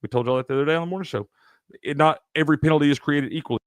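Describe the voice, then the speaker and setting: A man's voice: fairly high pitch, very fast, clear, resonant tone, no echo. A man from Tennessee, hosting a live sports stream, ranting heatedly and profanely while answering chat. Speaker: sports show host.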